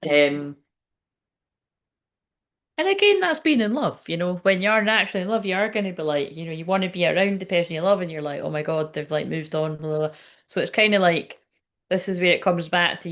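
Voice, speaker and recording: Woman tarot reader, low-pitched voice, chatty, blunt, curses freely. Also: lively intonation, fairly quick, fairly bright tone. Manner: chatty, frank, swears often, laughs while talking. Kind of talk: casual tarot reading monologue.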